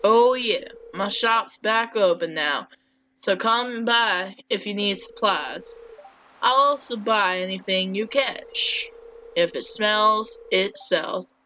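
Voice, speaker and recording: A woman's voice: mid-range voice, takes it slowly, bright, forceful tone. A woman voicing a friendly male fisherman in a video game, making a half-hearted try at a sailor's way of talking. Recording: dull lo-fi with faint hiss.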